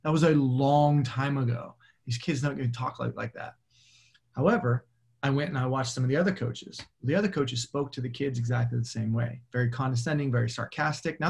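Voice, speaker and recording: A man's voice: medium pitch, gravelly, slightly rough. A man, a guest coach telling stories in a casual interview. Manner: animated storyteller who acts out quoted dialogue. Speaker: podcast guest, mental performance coach. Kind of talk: casual storytelling.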